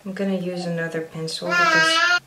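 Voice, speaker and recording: A woman chatting casually through a makeup tutorial, meandering and filling pauses with ums. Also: mid-range voice, very animated, heavy background noise. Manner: chatty, meandering, frequent fillers. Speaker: beauty vlogger. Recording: roomy echo.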